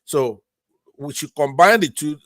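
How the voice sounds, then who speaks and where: A man's voice: on the high side, animated, measured pace, a bit bright, no echo. Rambling man with Nigerian Pidgin accent. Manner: rambling, mixes Pidgin and English, conciliatory. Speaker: panelist. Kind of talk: online political panel debate.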